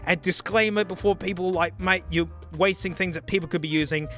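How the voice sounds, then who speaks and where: A young man chatting casually in a vlog, slangy and excitable, groaning and yelling as he tests gadgets. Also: high-pitched, fairly quick, soft background music. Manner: excitable, slangy, yells and groans while testing gear. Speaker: tech reviewer.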